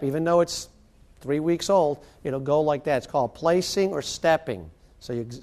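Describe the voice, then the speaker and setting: Man lecturer, slightly high voice, chatty, jokes with class. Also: darkish tone. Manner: conversational, joking asides, demonstrates with gestures.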